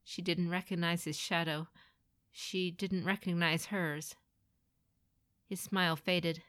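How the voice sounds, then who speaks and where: A woman narrating a grim fantasy story in a dramatic, expressive reading. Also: on the low side, slow pace, pauses often, no room sound, studio quality.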